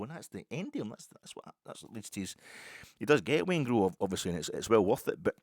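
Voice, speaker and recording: Scottish male podcast host, quick and rambling, slightly low, husky, dry close sound. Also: very animated, no echo. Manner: rambling, chatty storytelling with many restarts. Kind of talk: casual podcast monologue.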